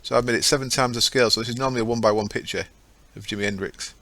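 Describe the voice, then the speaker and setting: A man's voice: mid-range voice, steady tone, racing, fairly bright tone, no echo. A man giving casual, rambling commentary over his own gameplay, often correcting himself as he goes. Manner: chatty, rambling, self-correcting. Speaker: gaming channel host.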